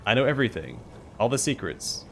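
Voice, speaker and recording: A man's voice: medium pitch, big pitch swings, a little fast, soft background music, close to an everyday voice. Whiny petulant demon queen, as a man puts her on. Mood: petulant whining. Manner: whining, smug, self-pitying.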